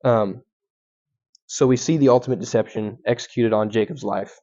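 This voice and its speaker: A young adult man teaches through a Bible passage as a guest speaker, talking it over casually with plenty of ums and self-corrections. His voice sits at a medium pitch, and the recording is somewhat dull and lo-fi. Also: normal speed, a little mellow. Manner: conversational, frequent ums and restarts. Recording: dull lo-fi sound.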